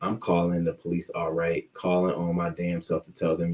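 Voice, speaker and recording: Delivering everything completely flat at a moderate pace, a man with a low, darkish voice hosts a live news commentary stream. He reacts to his chat in an angry, swear-filled rant full of restarts.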